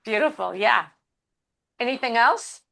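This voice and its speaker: Upbeat bright-voiced woman teaching a class. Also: on the high side, lively intonation, unhurried, gravelly, poor audio. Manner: upbeat, encouraging, calls on participants by name. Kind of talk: interactive class talk.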